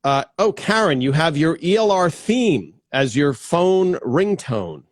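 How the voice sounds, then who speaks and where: With a fairly high voice that swings widely in pitch, a livestream host chats casually at a slightly slow pace, greeting viewers by name and often restarting. He uses a plugged-in desk microphone, and the recording is dry and clean like a studio.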